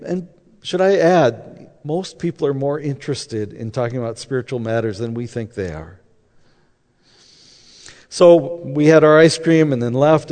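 A man's voice: mid-range voice, darkish tone. A man telling a faith story in a conversational way, acting out the dialogue as he goes. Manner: conversational, acts out quoted dialogue. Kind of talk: anecdotal storytelling talk. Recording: long hall reverb.

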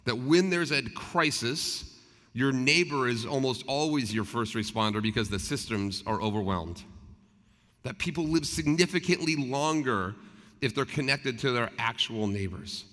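A pastor in mid-sermon, his voice ringing out in a long hall reverb. He is a man of middling pitch who preaches in an earnest, conversational way. He keeps turning to the congregation with rhetorical questions. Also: animated, normal speed, a bit bright. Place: church sanctuary.

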